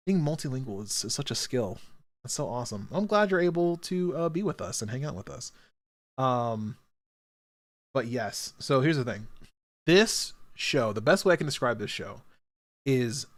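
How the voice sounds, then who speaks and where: Rambling excitable young man streaming. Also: mid-range voice. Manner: animated, rambling, with many fillers and restarts, bursting loud when excited. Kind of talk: casual live-stream chat.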